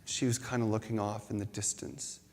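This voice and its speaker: Man, spiritual talk, gravelly voice, reflective storytelling, long reverb. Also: lowish voice, brisk. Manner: reflective, self-deprecating, animated in bursts. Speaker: spiritual speaker. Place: large hall at a spiritual center.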